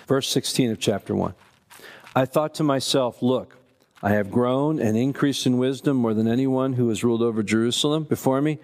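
A man of middle pitch leads a Bible study, reading long scripture passages before breaking off into emphatic commentary. His voice carries a long reverb from a large hall. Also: normal speed, a little mellow. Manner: reads scripture at length, then comments with emphatic asides.

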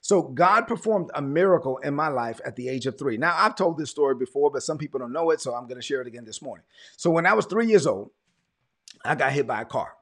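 A man's voice: mid-range voice, lively intonation, fast talker, a bit bright. A man, a pastor telling his testimony in a sermon, repeating words as he tells the story. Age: 40s.

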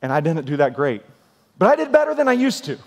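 Earnest pastor preaching in a reverberant hall. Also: male voice, fairly high pitch, very animated, fast, vocal fry. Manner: earnest, practical, often restarts with repeated words. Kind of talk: conversational sermon.

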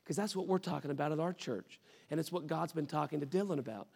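A young adult man preaching a sermon as pastor, telling stories with animated energy and bursts of shouting. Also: fairly high pitch, fast talker, gravelly, husky. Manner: animated, rising to shouts when excited. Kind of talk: sermon storytelling. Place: church sanctuary. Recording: reverberant church hall.

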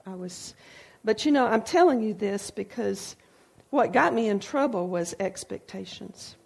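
A woman's voice: on the high side, vocal fry, slightly rough. An older woman giving an informal devotional talk, telling personal stories with folksy asides. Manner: folksy storytelling with frequent asides. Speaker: speaker sharing testimony.

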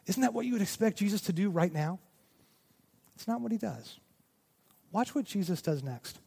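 A male pastor preaching a sermon with great passion, moving between loud emphasis and hushed, near-whispered lines. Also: high-pitched, lively intonation, normal speed, vocal fry, husky. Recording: long reverb of a large hall.

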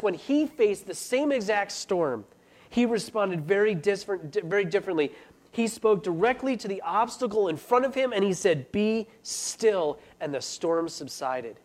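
A man's voice: high voice, a little mellow. A man preaching a sermon, earnest and building to urgent pleas. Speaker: pastor.

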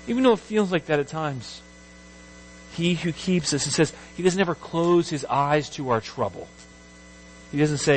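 A man preaching a sermon as pastor, reading scripture aloud with rising emphasis and an expressive delivery. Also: mid-range voice, low-quality recording.

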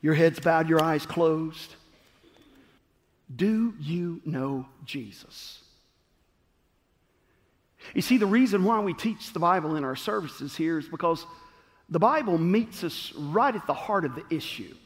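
A man preaching a sermon, moving between shouts and hushed, slow moments. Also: fairly high pitch. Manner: animated call-and-response preaching, swings from shouting to hushed. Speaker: pastor. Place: church sanctuary. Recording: long reverb of a large hall.

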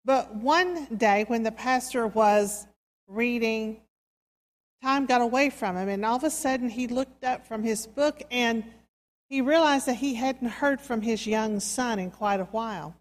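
A woman preacher tells a sermon story slowly and softly, with dramatic pauses. Her voice sits fairly high, and it rings with the long reverb of a church. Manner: slow, soft, dramatic storytelling. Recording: reverberant hall.

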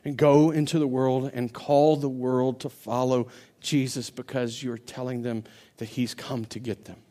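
A man preaching a sermon as pastor, building to loud, impassioned stretches and often repeating words as he restarts. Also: medium pitch, flat delivery, measured pace. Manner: impassioned preaching that builds to near-shouting climaxes.

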